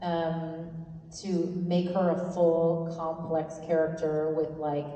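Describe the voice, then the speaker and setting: A woman speaks on a convention panel, thoughtful and grateful, acting out quotes as she answers. Her voice is mellow and dark. The sound is heard from far off, washed in the long echo of a big hall. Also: deep voice, completely flat delivery, slow pace. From Canada.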